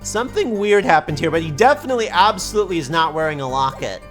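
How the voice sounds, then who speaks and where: Chatty gamer thinking out loud. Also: medium pitch, animated, fast, faint music behind. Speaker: let's play host. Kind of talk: casual gameplay chat.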